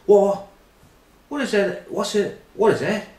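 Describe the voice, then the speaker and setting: A man's voice: high-pitched, measured pace, a little mellow, reverberant, voice pushed up. A man putting on a gullible young rugby player who squeals in disbelief and repeats himself. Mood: astonished shrieking. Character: wildly excited young male rugby player, gullible and shrieking.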